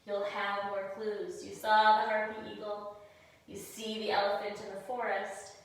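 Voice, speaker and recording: Woman playing storybook cow, calm, reassuring, slow, far from the mic. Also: medium pitch, close to an everyday voice. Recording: very echoey room, voice far from mic.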